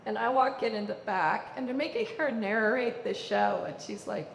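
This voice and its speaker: Animated storytelling woman in an echoey hall. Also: fairly high pitch, moderate pace, vocal fry, a little hiss or hum. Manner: animated, acts out quoted voices. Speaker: interview guest, entrepreneur. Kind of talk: storytelling in a live onstage conversation. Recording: echoey hall with long reverb.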